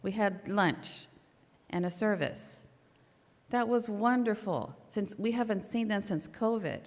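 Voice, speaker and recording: Woman, middle-aged, earnest conversational church talk, medium pitch, long hall reverb. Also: a little slow. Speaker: church member giving a talk. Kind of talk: personal faith talk at a memorial service.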